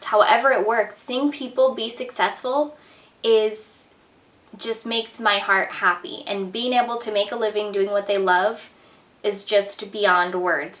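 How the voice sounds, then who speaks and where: A woman's voice: mid-range voice, bright, forceful tone. A young woman vlogger talking casually to the camera, chatty and full of "like" and "um". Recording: echoey room, mic at a distance.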